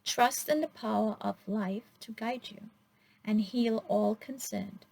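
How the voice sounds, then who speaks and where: A woman giving a pick-a-card oracle reading, gentle, encouraging and a little rambling. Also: medium pitch, creaky, slightly rough, poor audio.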